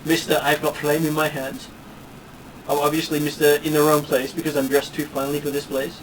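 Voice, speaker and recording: A smug, finely dressed fire-wielder sneers and taunts in a slightly high voice, as a man puts him on. He sounds a bit far from the mic, with faint noise underneath. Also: completely flat delivery, fairly quick, lightly acted. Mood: taunting. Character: cocky, finely dressed man holding flame.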